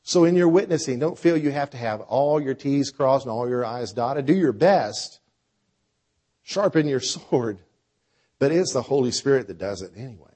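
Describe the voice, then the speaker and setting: A man preaching a sermon with a conversational style, dropping to quiet lines and rising to loud, drawn-out phrases. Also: medium pitch, animated. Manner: preacher with a dynamic delivery, swinging between soft and loud. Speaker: pastor.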